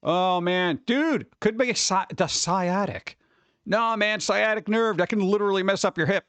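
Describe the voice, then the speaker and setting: A man hosting a livestream, chatting casually and rambling excitably with viewers, often laughing. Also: sits high, moderate pace, clear, resonant tone, no room sound. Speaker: livestream host. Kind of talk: casual chat with live viewers.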